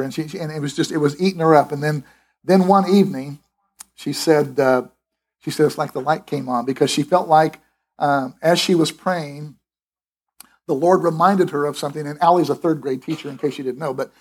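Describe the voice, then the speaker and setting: A man's voice: a little high, breathy edge. A middle-aged man preaching a sermon in an emphatic, conversational way, with restarts and asides. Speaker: pastor.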